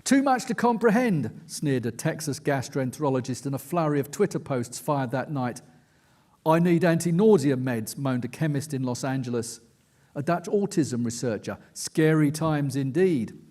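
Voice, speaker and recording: A man reads aloud from his own book to a conference audience. His voice sits a touch higher than most men's, and his delivery is measured and dry, like a storyteller setting a scene. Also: lively intonation, darkish tone. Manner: measured, dry storytelling read with quoted asides. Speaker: investigative journalist, author. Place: conference stage.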